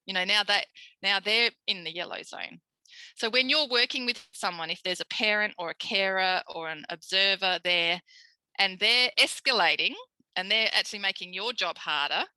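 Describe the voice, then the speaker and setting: An Australian woman, a speech pathologist, giving a recorded tutorial lecture in a lively way, acting out quoted voices. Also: medium pitch, no room sound, poor audio. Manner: animated, acts out quoted voices.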